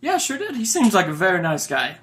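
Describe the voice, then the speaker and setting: A man's voice: high voice, huge pitch swings, brisk, background noise. A man voicing a hapless, unlucky young man in an offhand, drawling way. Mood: casual.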